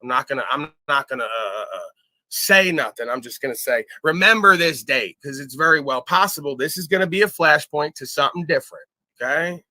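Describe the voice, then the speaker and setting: A man hosting a livestream, ranting in a profane, boastful way that jumps between loud outbursts and low muttering. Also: expressive, fairly quick, dry recording. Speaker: livestream host.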